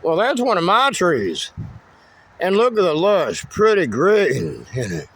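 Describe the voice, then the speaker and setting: A man's voice: high voice, wildly swooping pitch, a little slow, fairly bright tone, dry recording. A man giving a rambling, cryptic walking tour of his wooded land outdoors, swearing freely. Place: outdoors in woods.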